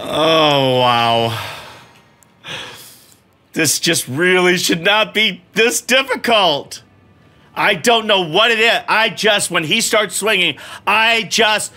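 A man's voice: high voice, sing-song, slow, long pauses, pushed and bright. A middle-aged man playing a video game, swearing often and rambling in broken restarts as he grows frustrated. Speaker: gamer playing while his son coaches. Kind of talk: frustrated live gameplay commentary.

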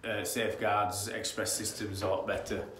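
A man with a Yorkshire accent talks through a repair job in a lowish voice, chatty and rambling, often restarting his sentences. He sounds like a tradesman explaining his work on site. The room around him is echoey, with faint ambient noise behind. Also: level tone, normal speed. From Yorkshire, England. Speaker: damp-proofing tradesman.

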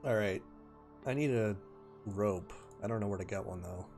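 A man's voice: on the low side, normal speed, darkish tone, faint music behind. A man playing a game on stream, laid-back and unsure, laughing along with his co-host. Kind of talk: casual gameplay chat.

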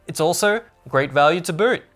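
A man's voice: a little high, lively intonation, normal speed, fairly bright tone, soft background music. A man narrating a scripted product review as a tech channel host, upbeat and informative.

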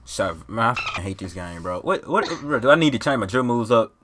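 A man's voice: fairly low pitch, lively intonation, fairly quick, fairly bright tone, a little hiss or hum. A man hosting a gaming video, trash-talking and getting exasperated in slangy casual chat with an opponent over a headset mic. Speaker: gaming channel host.

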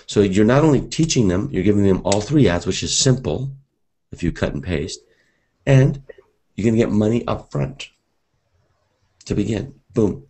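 Energetic deep-voiced man teaching a seminar. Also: moderate pace, pauses often, husky. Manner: energetic, conversational, addresses the audience directly. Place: seminar room with a live audience.

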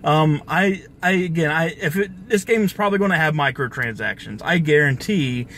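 A man's voice: a little high, moderate pace, fairly bright tone, slight background noise. A young man hosting his own gaming channel, ranting angrily about the industry, profane and full of restarts. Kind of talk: ranting video commentary.

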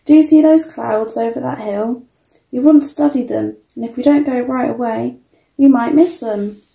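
A woman's voice: fairly high pitch, normal speed, creaky, mellow, roomy sound, low-quality recording. A woman voicing a curious young cat girl in a storybook reading. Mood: brisk.

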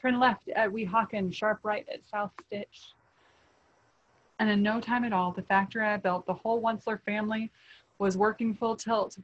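A woman reading a rhyming children's storybook aloud in an expressive way. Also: medium pitch, normal speed, lo-fi sound. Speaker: reader.

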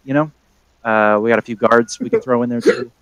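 A man's voice: medium pitch, very animated, brisk, no echo, close to an everyday voice. A man voicing a blunt male trade official who rambles and repeats himself in an offhand way.

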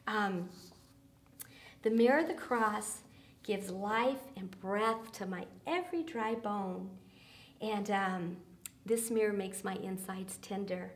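A woman's voice: mid-range voice, slow pace. Earnest woman teaching a church group. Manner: earnest, many fillers, drops soft and quiet for emphasis. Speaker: small group leader.

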